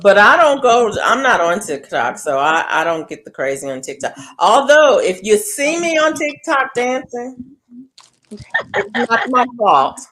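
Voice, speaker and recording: A middle-aged woman hosting a casual chat with friends, telling animated stories and laughing often. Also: a little high, unhurried, rough recording. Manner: animated storyteller, laughs often, Southern-style "y'all". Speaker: show host.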